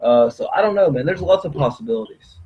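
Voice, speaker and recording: Swearing, teasing podcast guest. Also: male voice, a little high, lively intonation, quick pace, slightly rough, highs cut off. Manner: profane, teasing banter. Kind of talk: casual podcast chat.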